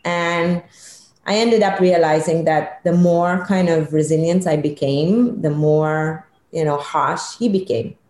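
A middle-aged woman, a leadership consultant, telling a personal story in an interview, animated and emphatic. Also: deep voice, measured pace. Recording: echoey room.

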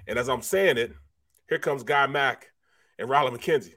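A middle-aged former football player co-hosting a sports talk show, telling stories in a relaxed way, laughing and saying "man" a lot. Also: mid-range voice, moderate pace. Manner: relaxed, laughing storyteller, says "man" often.

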